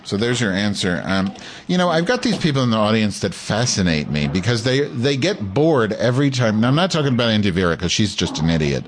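A man's voice: fairly low pitch, sing-song, fairly quick, hardly any pauses, a little hiss or hum. A man hosting a live podcast, talking in a crude, profane, ranting way to his listeners. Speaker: podcast host. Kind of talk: live call-in podcast chat.

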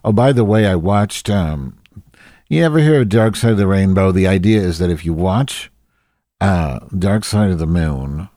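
A crude, self-mocking woman, as a man plays her rambles through a solo comedy monologue, losing her thread and filling gaps as she goes. The voice sits very low and dark. It is dry and close, with no room sound. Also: animated, moderate pace, no echo. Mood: rambling. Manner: rambling, distracted, loses track with many fillers.

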